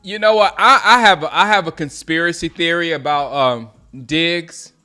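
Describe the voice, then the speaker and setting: A man from South Carolina hosting a casual live stream, chatting with viewers and reacting excitedly to plays as he reads comments aloud. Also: fairly high pitch, moderate pace, smooth, faint music behind. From Gaffney, South Carolina. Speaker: sports livestream host.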